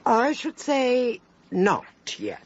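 An actress playing a shrewd, commanding older woman detective in a vintage radio drama, crisp and assured. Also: fairly high pitch, huge pitch swings, drawn-out words, heavily acted. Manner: crisp, assured, dryly authoritative. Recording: dull old radio recording with faint hiss.

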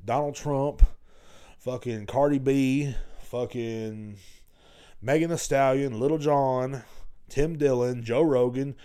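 Dude doing a solo podcast rant, swears a ton, warm low-key tone. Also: male voice, steady tone, slow, clear, resonant tone. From Texas. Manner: profane, rambling and blunt. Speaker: podcast host.

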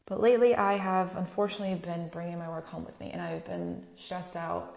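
A woman's voice: lowish voice, creaky, darkish tone. A young woman hosting a podcast, talking on her own in a chatty, candid way and swearing freely. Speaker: podcast host. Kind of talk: casual solo podcast monologue. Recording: echoey room.

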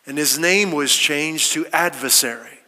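Male pastor, emphatic sermon delivery, brighter and higher than most men, long hall echo. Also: measured pace. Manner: emphatic, rhetorical questions, quoting scripture. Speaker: preacher.

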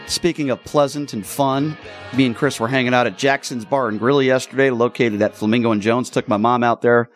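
A man hosting a radio talk show, telling stories in an animated, exasperated way. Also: mid-range voice, fairly quick, soft background music. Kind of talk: casual storytelling chat.

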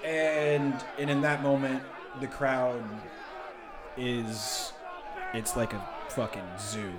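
A man's voice: medium pitch, flat delivery, slow pace, crowd noise, background noise. A man narrating as game master in a tabletop game, loose and full of fillers.

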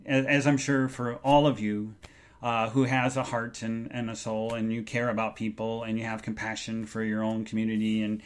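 A man hosting a solo podcast, talking in an earnest, halting way with many restarts as he recounts an emotional day. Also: lowish voice, flat delivery, smooth. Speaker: podcast host. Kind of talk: solo live podcast monologue.

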